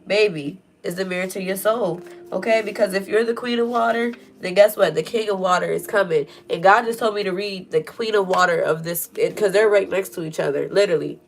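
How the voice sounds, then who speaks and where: A woman's voice: medium pitch, fairly quick, vocal fry, few pauses. A woman giving a casual spiritual tarot reading, earnest and preachy, repeating phrases for emphasis. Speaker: tarot reader.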